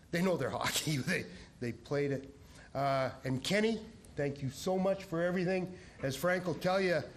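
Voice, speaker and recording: A man's voice: on the high side, slight background noise. A man who was head coach, giving a rambling speech at an awards ceremony and telling a team story full of fillers. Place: banquet hall.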